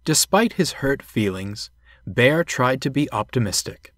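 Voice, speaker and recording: Unhurried, expressive storybook narrator. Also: male voice, medium pitch, dry recording. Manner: measured, expressive reading. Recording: narration over clear music.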